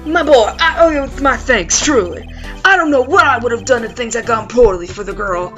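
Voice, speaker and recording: A woman's voice: a little high, normal speed, a bit bright, dull audio, faint music behind, natural voice. A woman voicing an older male lawyer with a put-on Southern US accent, fatherly, fussy and old-fashioned in speech. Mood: troubled.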